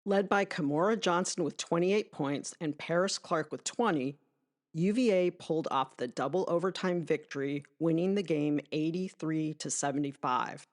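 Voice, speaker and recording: A woman's voice: low-pitched, moderate pace, darkish tone. A woman hosting a podcast, reading a scripted sports monologue in a conversational, emphatic way with asides to the listener. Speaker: podcast host.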